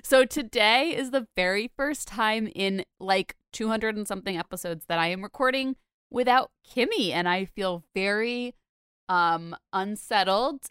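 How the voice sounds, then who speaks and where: A young woman hosts a casual podcast in a dry, close-miked space, her voice smooth and clear. She talks in a chatty, rambling way, full of fillers and little laughs. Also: medium pitch, measured pace, fairly bright tone, no room sound. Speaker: podcast host.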